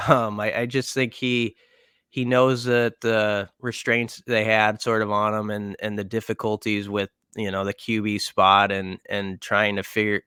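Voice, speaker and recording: Smooth, low-voiced man breaking down football. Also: sharp tone, dry recording, studio quality. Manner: thinking aloud, many fillers and restarts. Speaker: podcast co-host. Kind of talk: casual sports podcast analysis.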